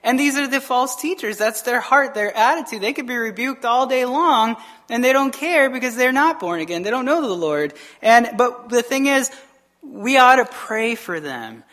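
A male pastor preaches with an animated, conversational delivery. He wanders into quick asides and slips into the voices of people he quotes. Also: very high voice. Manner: frequent fillers and quick asides. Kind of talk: sermon.

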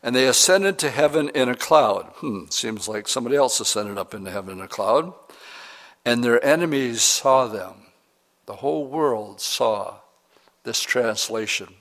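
A middle-aged man preaching as a pastor, reading scripture slowly and then explaining it in plain, conversational words with questions to the congregation. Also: mid-range voice, animated, a bit bright. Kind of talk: verse-by-verse Bible teaching sermon.

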